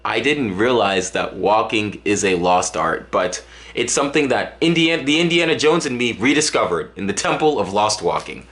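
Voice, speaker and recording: Dallas vlogger, man, jokey rambling delivery, lively pitch swings. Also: moderate pace. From Dallas, Texas. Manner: joking, exaggerated, rambling with restarts. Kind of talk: casual comedic monologue to camera.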